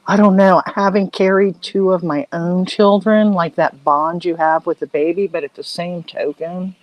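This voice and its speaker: A woman's voice: lowish voice, fairly even intonation, moderate pace, dry recording, dull audio. A woman with an American accent, a panel guest on a call, chatting and asking lots of curious questions. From United States. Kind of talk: casual chat. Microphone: online call.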